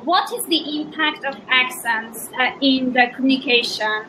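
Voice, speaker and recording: A woman's voice: high voice, normal speed. A woman from Armenia, hosting a podcast and asking questions thoughtfully, with some hesitation. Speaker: podcast host. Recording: audible background noise.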